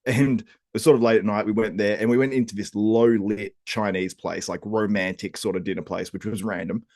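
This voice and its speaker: A young man telling a lively story on a casual podcast, laughing often. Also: fairly low pitch, brisk, dry recording, clean studio sound. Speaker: podcast host.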